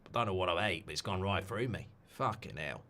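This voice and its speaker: A man putting on a gruff, sweary middle-aged Australian football manager, muttering low with an attempted Australian accent. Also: expressive, a little fast, pushed and bright, exaggerated voice. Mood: grumbling.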